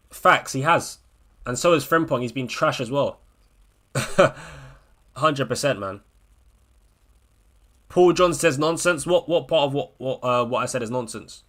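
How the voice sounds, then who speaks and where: A man streams a live watchalong, with a bright, forceful voice that sits a little high. He drops to low grumbles and then bursts into loud, exasperated rants, repeating himself and swearing. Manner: swings from low muttering to loud ranting. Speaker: livestream host. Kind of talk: live fantasy football watchalong.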